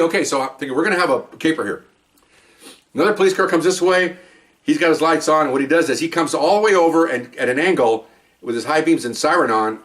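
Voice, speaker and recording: A man casually telling a rambling police story, acting out the people in it with sudden jumps in his voice. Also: recorded from a distance. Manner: rambling, animated, acts out voices with big pitch jumps. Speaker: retired police officer telling stories.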